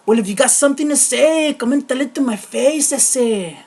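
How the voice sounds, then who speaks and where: A woman's voice: high voice, normal speed, a little mellow, husky, pitched above the performer's own voice. A woman voicing a streetwise tough guy throwing out a challenge. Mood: challenging.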